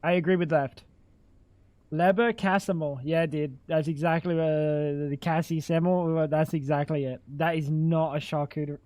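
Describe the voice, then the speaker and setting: High-voiced, crude-talking young man streamer. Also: fairly even intonation, moderate pace, darkish tone, no echo. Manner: crude, swearing, incredulous. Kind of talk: casual live-stream chat.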